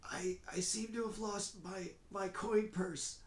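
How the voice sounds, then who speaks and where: A timid, fumbling old man, put on by a man running the game, with a voice pushed higher and quieter than the narrator's own. He falters and repeats his words, as if unsteady. It sounds a little distant, in an echoey room. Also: steady tone, takes it slowly. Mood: frail, fretful. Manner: faltering, stammering speech.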